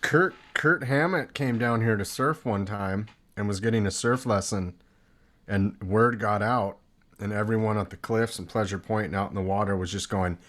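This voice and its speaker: A man's voice: lowish voice, normal speed. Male podcast host, easygoing anecdote teller. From Santa Cruz area, California. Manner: animated anecdote teller, acts out quoted voices. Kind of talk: casual chat, storytelling.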